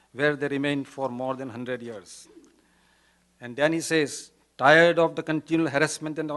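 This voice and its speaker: Priest-lecturer, Indian English accent, slightly higher male voice, emphatic and earnest, recites verse. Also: fairly bright tone. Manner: earnest, emphatic, quotes and recites Persian couplets. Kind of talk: conference lecture.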